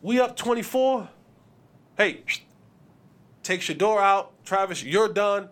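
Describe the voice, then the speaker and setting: A man hosting a sports podcast, giving opinionated commentary in an animated, preachy way and acting out quotes. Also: sits high, slow.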